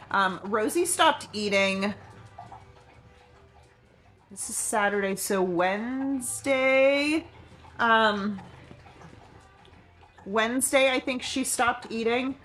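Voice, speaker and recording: A middle-aged woman talks casually to her live-stream viewers, meandering from thought to thought with plenty of ums and uhs. She speaks slowly and loosely, her voice sitting in a middle pitch. She is recorded at home on a camera set on a tripod, with faint music playing behind her. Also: a bit bright. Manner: rambling, chatty, many fillers. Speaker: animal sanctuary live-streamer. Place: home, indoors.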